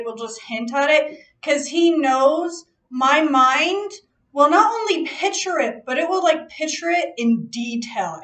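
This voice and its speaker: A woman's voice: high voice, a bit bright. A woman hosting a casual chat, telling a story with frequent laughter and free swearing. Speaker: host.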